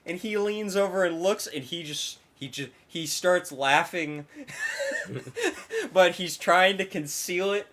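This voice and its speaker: A man's voice: high voice, measured pace, hardly any pauses, sharp tone. A young man co-hosting a casual podcast, telling a story with lots of laughter and casual swearing. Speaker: podcast co-host.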